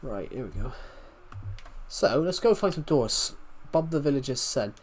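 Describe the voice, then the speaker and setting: A man's voice: medium pitch, lively intonation, unhurried, a little hiss or hum. A man livestreaming a video game, rambling casually to his chat as he plays and repeating words to himself. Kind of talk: casual live gaming stream chat.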